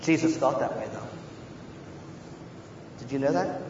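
A man preaching a sermon as a pastor, earnest, moving between hushed tones and loud emphasis. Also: mid-range voice, measured pace. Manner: earnest, shifts from hushed to shouting. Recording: echoey hall, dull and slightly noisy.

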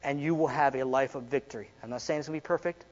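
A male pastor preaching a sermon in a church, swinging from loud emphasis to hushed, quiet lines. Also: mid-range voice, very fast, long reverb tail, lo-fi sound. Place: church sanctuary.

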